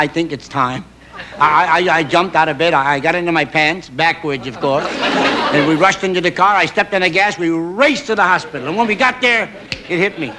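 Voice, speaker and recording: A middle-aged man telling a folksy comic story as a stand-up monologue, stammering when excited. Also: on the high side. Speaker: comedian guest. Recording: live TV audience, noisy old broadcast. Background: audience laughter.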